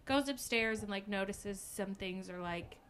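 A young woman retells a story in casual chat, slipping into quick acted-out voices for the characters. Her voice is bright and forward, with a faint hum of background noise. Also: mid-range voice. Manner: animated storytelling, acts out characters' lines, frequent "like". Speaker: podcast co-host recapping a book.

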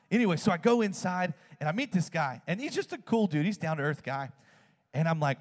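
A man preaching in a casual, animated storytelling way. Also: a little high, fairly quick. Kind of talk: sermon storytelling. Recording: long hall reverb.

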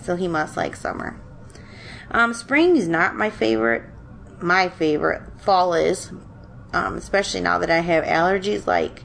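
Stuffy-nosed woman, low voice. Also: animated, moderate pace, vocal fry, a bit bright, a little hiss or hum. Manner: chatty, rambling with fillers. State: stuffy, nasal from allergies. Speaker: podcast co-host. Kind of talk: casual chat.

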